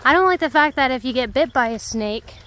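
High-voiced young woman vlogging on a trail. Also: brisk, slight background noise, low-quality recording. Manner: chatty and excitable, bursts into loud exclamations. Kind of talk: casual hiking vlog. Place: outdoors on a wooded marsh trail.

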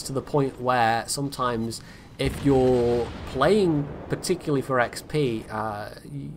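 A man's voice: mid-range voice, slight background noise. A man giving casual, self-critical commentary over his own game replay, rambling with frequent restarts. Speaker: gameplay commentator.

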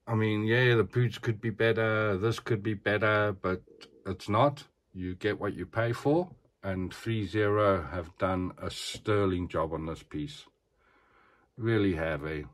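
A man chatting casually as he shows off an action figure, often asking the viewer "eh?". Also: lowish voice. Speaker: action figure collector showing a figure. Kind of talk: casual show-and-tell vlog.

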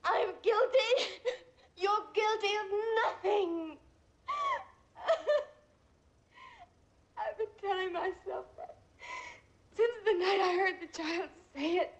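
An actress playing a woman confessing a long-hidden love for her friend in a halting, emotional way. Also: extremely high pitch, very animated, exaggerated voice. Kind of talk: film drama.

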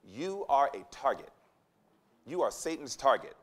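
A man's voice: medium pitch, very animated, measured pace. A man preaching a sermon at a conference, emphatic and repetitive, acting out the voices of the people he quotes. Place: conference hall.

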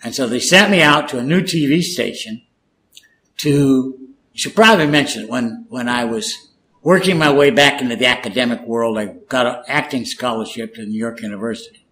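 Animated older man telling war stories. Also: medium pitch, normal speed, poor audio. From California. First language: Spanish. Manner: animated storyteller, acts out quoted dialogue. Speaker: guest, former war correspondent. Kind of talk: casual storytelling interview.

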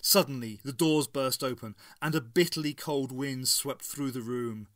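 Male narrator, measured and dramatic, mid-pitched voice, dry close recording, audiobook reading. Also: fairly bright tone, no room sound. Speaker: audiobook reader. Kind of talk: unabridged novel narration.

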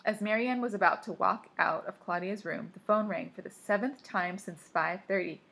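A woman's voice: medium pitch, moderate pace, gravelly, fairly bright tone, husky. A woman reading a first-person story aloud, dropping offhand asides of her own. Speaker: audiobook reader. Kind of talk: first-person audiobook narration.

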